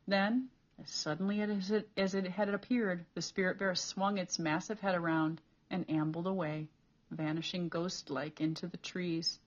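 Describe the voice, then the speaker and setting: A woman reading a novel chapter aloud as an audiobook reader, with steady, clear storytelling. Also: lowish voice, muffled recording.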